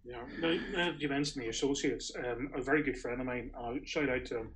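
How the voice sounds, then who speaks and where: Man, mid pitch, joking chatty talk, faint background noise. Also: fast, a bit bright, poor audio. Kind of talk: casual chat.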